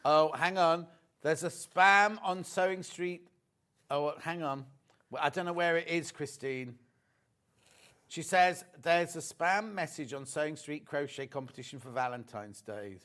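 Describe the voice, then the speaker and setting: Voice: mid-range voice, measured pace, a bit bright. A presenter on a live shopping-channel show in a TV studio. The presenter chats, asks a guest curious questions and reads out viewer messages.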